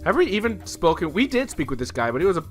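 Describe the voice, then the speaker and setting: A man's voice: sits high, big pitch swings, fast talker, faint music behind. A man chatting playfully and thinking aloud while streaming a game. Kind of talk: casual let's-play commentary.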